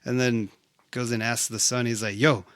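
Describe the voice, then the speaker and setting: A man's voice: mid-range voice, little pitch movement, normal speed, fairly bright tone, dry recording, clean studio sound. A man co-hosting a casual movie recap chat, swearing freely and acting out the characters' lines. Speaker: podcast co-host.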